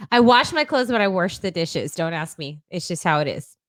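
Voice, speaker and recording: A woman's voice: fairly low pitch, lively intonation, a little slow. A woman with a South Texas accent co-hosting a casual podcast chat, teasing and laughing often. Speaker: podcast co-host.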